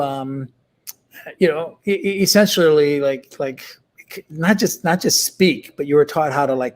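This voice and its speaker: A middle-aged man talking casually as an interview guest, with many fillers and restarts. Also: medium pitch. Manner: halting, full of fillers and restarts.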